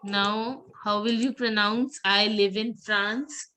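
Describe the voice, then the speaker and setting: A woman teaching a French pronunciation class, drilling words slowly and patiently. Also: mid-range voice, fairly even intonation, bright, forceful tone, a little hiss or hum, low-quality recording.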